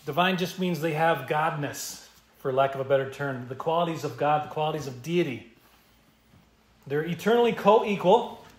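A man's voice: a little high, echoey room. A male pastor preaching an expository sermon, emphatic and repeating key phrases for stress. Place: church.

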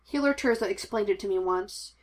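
A woman's voice: mid-range voice, brisk, lightly acted. A woman voicing a young male Jedi knight who talks firmly and reassuringly, in an audiobook of fan fiction. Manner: firm, commanding, reassuring. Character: firm, steady young man, Jedi knight.

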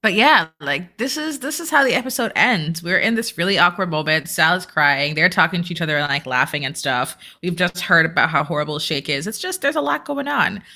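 A woman's voice: lowish voice, fairly quick, hardly any pauses. A woman co-hosting a podcast who recaps a reality show in casual chat, ranting and acting out what people said. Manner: animated, acts out quotes, rants. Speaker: podcast co-host.

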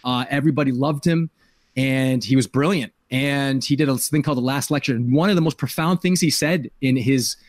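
A man's voice: mid-range voice, a little fast, dry recording. A middle-aged man hosting a podcast as a life coach, telling a personal story in an earnest way and often repeating words as he starts a thought.

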